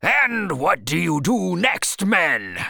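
A man voicing a wild, obsessed old sea captain who shouts his orders slowly and fervently, in a storybook reading. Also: fairly low pitch, huge pitch swings, vocal fry, no room sound, clean studio sound, full character voice. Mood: commanding.

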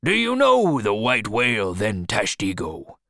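A man voicing a wild, obsessed old sea captain who shouts his orders slowly and fervently, in a storybook reading. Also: on the low side, huge pitch swings, gravelly, no room sound, clean studio sound, heavily acted.

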